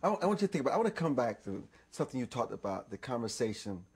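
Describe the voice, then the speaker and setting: A man's voice: mid-range voice, sing-song, racing, a little mellow, slightly rough. A man hosting a TV interview, asking earnest, probing questions. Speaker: TV interview host. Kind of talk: broadcast interview.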